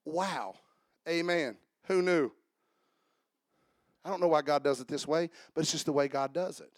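A man preaching a sermon at a church service, calling out to the congregation and swinging between loud shouts and hushed asides. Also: a little high, moderate pace, no echo, clean studio sound.

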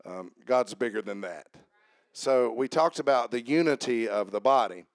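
A man preaches in church in a folksy, conversational way, dropping "um"s and asking the congregation "amen?". His voice sits at a middle pitch. The sound is dry and close, with little room echo. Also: lively intonation, normal speed. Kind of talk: sermon. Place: church sanctuary.

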